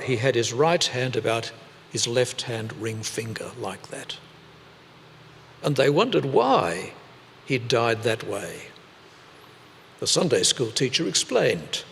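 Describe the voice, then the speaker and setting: A man delivering a sermon at an unhurried, measured pace, leaning on pauses and repeated phrases. His voice sits at an ordinary pitch and rings with a long church reverb. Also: gravelly, a little hiss or hum. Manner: slow, deliberate delivery with pauses and repetition. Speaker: preacher.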